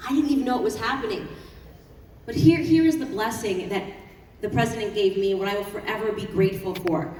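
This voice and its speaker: A woman's voice: medium pitch, brisk, darkish tone. A woman giving an impassioned political speech at a youth summit, fiery and mocking, building to emphatic peaks. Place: large conference hall. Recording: echoey hall, heard from a distance, audience noise.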